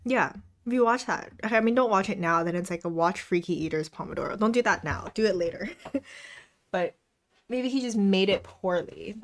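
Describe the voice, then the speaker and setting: A woman's voice: mid-range voice, brisk. Chatty young woman laughing between comments. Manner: chatty, laughs often, reads viewer comments aloud. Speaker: livestream host. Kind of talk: casual chat with a live audience. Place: home desk during a study stream.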